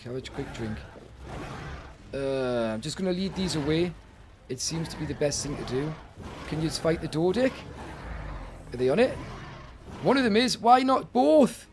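A man's voice: mid-range voice, darkish tone, slight background noise. A man giving casual, jokey let's-play commentary, talking to himself and to chat as he plays. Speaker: gaming streamer.

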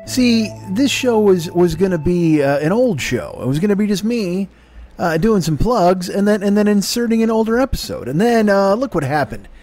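A man's voice: sits high, expressive, moderate pace, darkish tone, faint music behind. A man hosting his own comedy podcast, rambling and swearing in a self-mocking monologue. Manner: rambling, profane, self-mocking, bursts into silly crooning. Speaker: podcast host.

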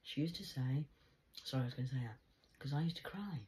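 A woman rambles through family memories in a casual monologue. Her voice is low for a woman and often sinks to a whisper, with swearing dropped in freely. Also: lively intonation, fast talker, dark tone, slight background noise, rough recording. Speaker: vlogger.

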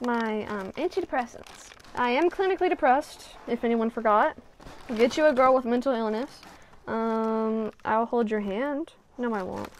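A woman with a fairly high voice vlogging from her bedroom while she builds a craft project. She talks to herself as she works, mocks herself and swears freely. A faint hiss sits under her voice. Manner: self-deprecating, swearing, muttering to herself while working. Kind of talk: casual crafting vlog.

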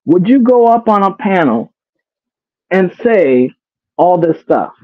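A man's voice: high-pitched, very animated, slow pace, no echo. Man, casual live commentary, exasperated, rhetorical questions, swears, dry tinny phone-like audio. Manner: exasperated, keeps throwing rhetorical questions at viewers; swears, repeats phrases. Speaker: commentary streamer.

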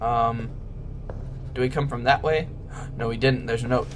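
A man's voice: mid-range voice, fairly even intonation, unhurried, a little hiss or hum. A man giving nervous let's-play commentary on a horror game, often murmuring reassurances to his viewers. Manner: jittery, whispers reassurances to viewers. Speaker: gaming YouTuber.

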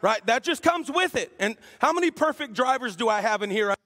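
A man's voice: very high voice, lively intonation, a little fast, bright, forceful tone. A man preaching a sermon as pastor, teasing and joking with his congregation before turning serious. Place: church sanctuary. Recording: long hall reverb.

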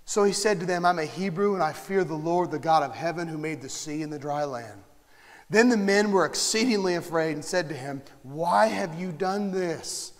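A man preaching a sermon as pastor in a church, with impassioned delivery that swings from hushed to shouting. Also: a little high. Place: church sanctuary. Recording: long hall reverb, faint music.

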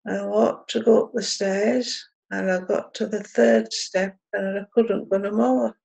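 Woman, middle-aged, deep fry and husky tone, plain personal storytelling. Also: fairly even intonation, darkish tone, rough recording. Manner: plain, unhurried recounting in dialect.

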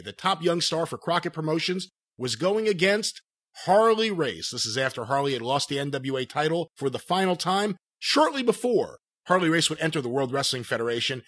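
A man's voice: a little high, sharp tone. A man hosting a podcast, reading an upbeat introduction to a segment. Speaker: podcast host.

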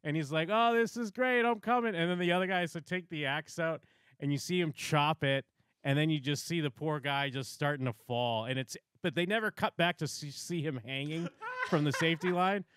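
A man's voice: on the high side, brisk, clean tone, dry recording, clean studio sound. A man co-hosting a podcast, casually recapping a reality show and acting out what the contestants say. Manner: animated storytelling, acts out quotes. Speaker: podcast co-host. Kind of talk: casual chat.

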